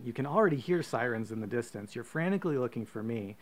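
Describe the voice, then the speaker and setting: A man co-hosting a podcast, reading a profane, comic choose-your-own-adventure story aloud with deadpan asides. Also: medium pitch, quick pace, hardly any pauses. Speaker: podcast co-host.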